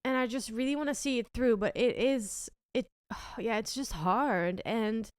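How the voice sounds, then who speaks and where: A woman co-hosting a podcast, talking haltingly with many fillers and restarts while fighting back tears. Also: a little high, smooth, no room sound, clean studio sound. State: on the verge of tears. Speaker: podcast co-host. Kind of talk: emotional casual chat.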